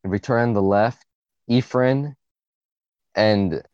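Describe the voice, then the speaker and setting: A young man co-hosting a podcast, telling a group story in casual chat, animated and swearing often. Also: on the low side, slow pace, clear, resonant tone, dry recording, muffled recording. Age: young adult. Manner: animated, swears a lot, acts out friends' lines. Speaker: podcast co-host.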